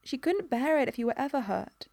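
A woman voicing a gentle, soothing young woman who speaks softly. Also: high voice, lively intonation, fairly quick, gravelly, voice pushed up.

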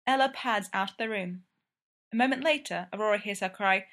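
A woman reading a story aloud in a calm, even voice of middle pitch. Her narration moves steadily between scenes without much drama. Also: fairly quick. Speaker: story reader.

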